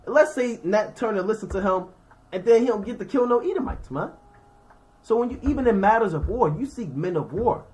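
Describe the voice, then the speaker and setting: This man's high-sitting voice is expressive and a little mellow, and he talks fairly quickly. Teaching scripture casually, he reads verses and then illustrates them with everyday examples in slangy speech, checking in with his listeners.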